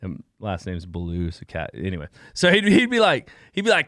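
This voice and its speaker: A co-host of a casual live-stream chat, this man has a low voice and talks a little fast, recorded dry with clean studio sound. He's an animated storyteller who laughs often and acts out voices.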